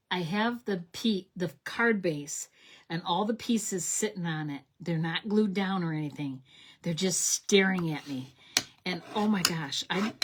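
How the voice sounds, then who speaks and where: With a fairly low, slightly rough voice, this middle-aged craft demonstrator hosts her card-making tutorial. She's enthusiastic and chatty, walking "you guys" through each step and frequently correcting herself.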